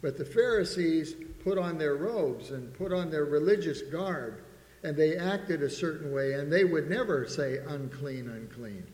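Middle-aged male pastor, fairly high voice, preaching with rising emphasis, reverberant church hall. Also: lively intonation, unhurried, a little mellow. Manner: preaching with rising emphasis, asks the congregation "Amen?". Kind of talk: sermon. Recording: echoey hall with long reverb.

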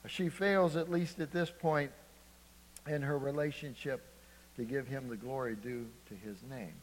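Preacher in a reverberant hall. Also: male voice, medium pitch, steady tone, measured pace. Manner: conversational, asks the congregation "Amen?". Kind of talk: sermon.

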